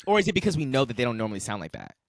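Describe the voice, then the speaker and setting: A young man co-hosting a casual podcast chat, animated and opinionated, rambling through his points. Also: medium pitch, racing, no echo. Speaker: podcast co-host.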